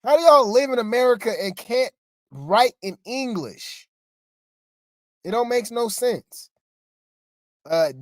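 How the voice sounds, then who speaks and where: Gossip co-host, casual commentary, exasperated, rambling, middle pitch, dry close sound. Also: animated, slow pace, pauses often, dry recording. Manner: exasperated, rambling, often addresses listeners as y'all.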